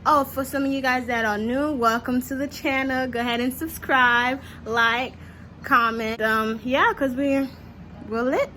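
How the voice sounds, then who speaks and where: Young woman vlogger, chatty and casual, slightly high voice, recording with noticeable noise. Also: unhurried, bright, forceful tone. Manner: chatty, says y'all a lot. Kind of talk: casual family vlog.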